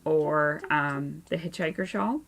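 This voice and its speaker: A woman in her thirties hosting a knitting podcast at home, chatting casually with lots of ums, tired and low-key. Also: takes it slowly, gravelly, a bit bright. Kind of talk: casual chat. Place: home craft room and playroom.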